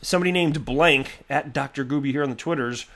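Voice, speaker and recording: A man hosting a casual commentary video, chatty and animated with lots of fillers and restarts. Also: mid-range voice, fairly quick. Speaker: crypto video host. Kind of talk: casual commentary reading tweets.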